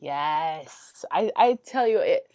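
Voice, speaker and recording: A woman's voice: deep voice, animated, slow pace, darkish tone, dry recording. Bubbly, encouraging woman host, dry sound. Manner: bubbly and encouraging, many "like" fillers. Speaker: podcast host. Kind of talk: casual conversational interview.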